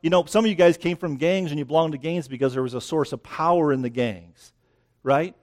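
A brisk man with a slightly high, a little mellow voice delivers a sermon outdoors by thick greenery. Somewhat out of breath, he talks conversationally and keeps asking "right?".

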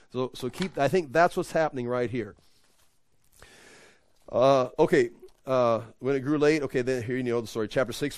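A man's voice: mid-range voice, darkish tone, no room sound. A man leading an evening Bible study, teaching in a conversational, emphatic way and often correcting himself.

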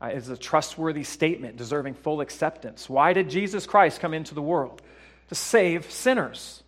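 A man preaching a sermon in a church, dropping to hushed tones and then building to loud, emphatic peaks, with repeated phrases and rhetorical questions. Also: a little high, normal speed. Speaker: pastor.

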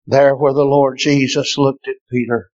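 A male preacher delivering an impassioned sermon, dropping to hushed tones and rising to shouts. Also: level tone, moderate pace, no echo, dull audio. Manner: impassioned, swinging from hushed lows to shouted peaks.

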